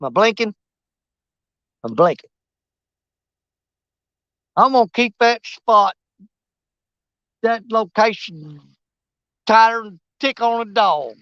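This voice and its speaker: A man rambles and jokes as he fishes from an outdoor riverbank, his pitch leaping up and down in lively swings. The sound is dry, with almost no room around it, and slightly dull and lo-fi. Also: slow, pauses often, no echo. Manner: folksy, joking, rambling. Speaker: fishing vlogger. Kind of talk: casual outdoor fishing commentary.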